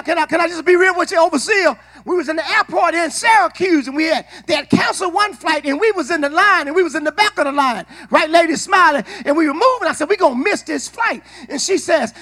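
High, bright-voiced preacher man. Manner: call-and-response preaching, shouting at peaks. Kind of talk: sermon.

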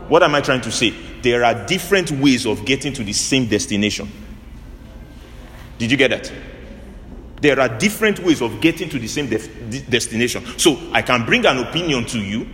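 A man preaching with a very lively, rising and falling pitch. He keeps asking his listeners questions and pausing for their replies. His voice rings with the long reverb of a church hall, and a faint ambience sits underneath. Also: a little hiss or hum. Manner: animated call-and-response preaching. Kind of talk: sermon.

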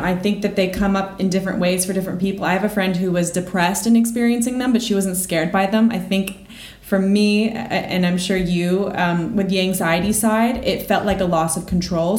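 A woman's voice: medium pitch, darkish tone. A woman interviewer asking thoughtful questions and sharing her own experiences. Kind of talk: conversational interview. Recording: roomy echo.

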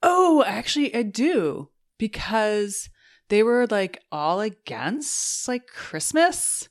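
A woman's voice: fairly high pitch, big pitch swings, slow pace. A woman co-hosting a casual podcast with her husband, chatty and teasing, often laughing. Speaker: podcast co-host.

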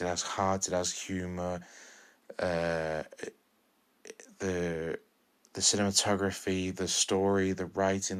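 A man in his twenties talking casually and enthusiastically as a podcast host reviewing a film, rambling with restarts and repeated words. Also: low-pitched. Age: 20s.

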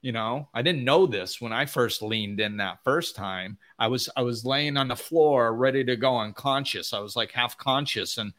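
A man giving an unscripted motivational talk as a spiritual teacher, blunt and emphatic, often mimicking whiny voices in a high pitch. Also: moderate pace, few pauses, fairly bright tone.

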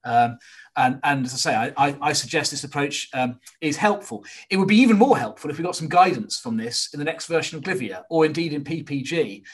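A man hosting a planning discussion, giving measured, opinionated commentary with frequent hesitant fillers. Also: a little high, expressive, slightly rough. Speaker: host. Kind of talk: expert commentary.

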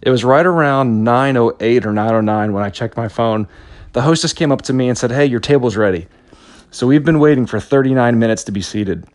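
A man's voice: medium pitch, fairly quick, no room sound. A man in his thirties giving a motivational talk, telling a personal story in an earnest, anecdotal way with frequent restarts.

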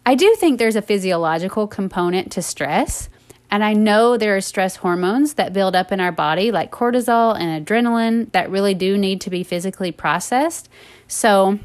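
A woman hosting a podcast, talking casually and earnestly to her listeners, often laughing, then turning encouraging. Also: mid-range voice. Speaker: podcast host and coach. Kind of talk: casual monologue.

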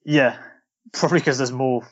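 A man's voice: mid-range voice, steady tone, normal speed, slightly rough. A man with a mid-range voice chats casually about films, laid-back and often trailing off. The sound is slightly dull. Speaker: podcast co-host. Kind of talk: casual chat.

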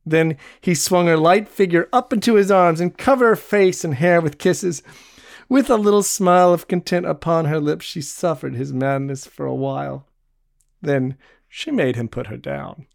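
A man narrating a novel in a steady, measured storytelling read. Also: fairly high pitch, creaky, no echo, clean studio sound. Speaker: audiobook narrator.

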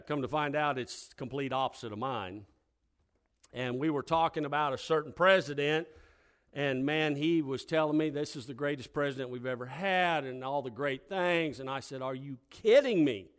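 Folksy older man preaching, high voice. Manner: folksy storyteller, builds to loud emphatic preaching. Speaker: pastor. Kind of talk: sermon with storytelling.

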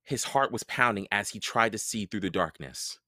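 A man reading a children's book aloud, narrating in a slow, expressive storytelling way. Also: lowish voice, no echo, clean studio sound.

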